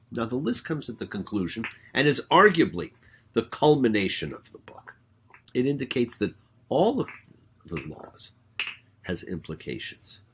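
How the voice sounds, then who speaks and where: A man, a rabbi hosting his own show, giving a spoken sermon with emphatic, drawn-out words. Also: medium pitch, slight background noise. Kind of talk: spoken sermon with prayer and sung hymn.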